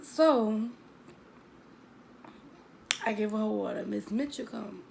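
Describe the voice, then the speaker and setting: Woman spilling a school story to her viewers, chatty and dramatic, slow with a gravelly edge. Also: mid-range voice, a little mellow, slight background noise, poor audio. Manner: chatty, dramatic, addresses viewers as girl and baby. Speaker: storytime vlogger.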